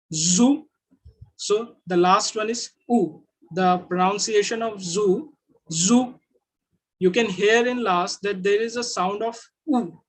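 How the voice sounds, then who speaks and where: Man, Indian English accent, online Mandarin teacher, slow deliberate delivery, repeats sounds. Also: high voice. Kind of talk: online class lesson.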